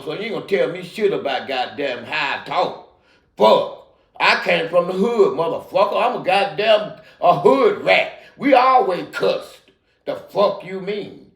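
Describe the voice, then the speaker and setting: Gravelly profane older man preaching. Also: high-pitched, fairly bright tone, reverberant. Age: middle-aged or older. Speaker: host of a recovery talk show. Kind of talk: unscripted monologue.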